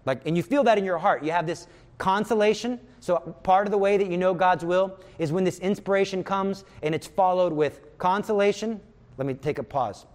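A man's voice: sits high, a little fast. A man giving a conversational retreat talk, acting out inner voices as he explains. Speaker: retreat speaker.

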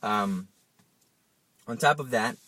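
A man's voice: lowish voice, takes it slowly, sharp tone. A man giving an earnest devotional teaching as a Catholic preacher, asking rhetorical questions and repeating himself for emphasis.

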